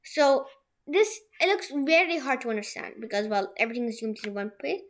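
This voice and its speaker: A young woman hosting a software tutorial from a room at home, talking it through in a rambling way with many restarts. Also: high-pitched, animated, brisk. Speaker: tutorial host. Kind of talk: screen-share software tutorial.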